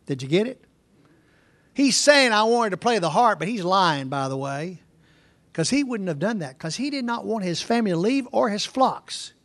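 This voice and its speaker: A man's voice: sits high, sing-song, normal speed, a bit bright. A man preaching verse by verse, explaining the passage in a conversational way and asking his listeners rhetorical questions. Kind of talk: verse-by-verse Bible teaching.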